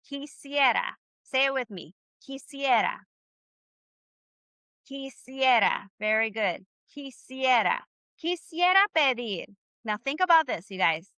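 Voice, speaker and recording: A woman's voice: sits high, lively intonation, unhurried, sharp tone, clear, resonant tone, no room sound. A woman teaching Spanish in a live online class, upbeat and encouraging, leading the class in repeating phrases. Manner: upbeat, encouraging, leads call-and-response drills.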